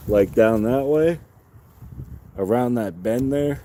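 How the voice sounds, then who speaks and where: A man chatting casually on a fishing livestream from a small boat, relaxed and rambling with frequent chuckles. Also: on the low side, takes it slowly, long pauses. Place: small boat on a lake outdoors. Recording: wind noise on the mic. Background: wind and water.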